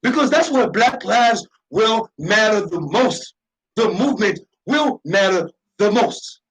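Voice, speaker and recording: Man, high voice, talk show host, impassioned, repetitive, emphatic monologue. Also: expressive, a little slow, fairly bright tone, rough recording.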